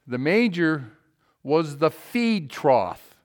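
A man preaching a sermon, with emphatic calls that swing to quiet, low asides. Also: very animated, extremely slow.

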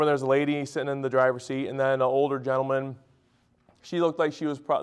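A man's voice: mid-range voice, clean tone. A middle-aged man preaching a sermon. He talks in a conversational, storytelling way, with emphatic bursts.

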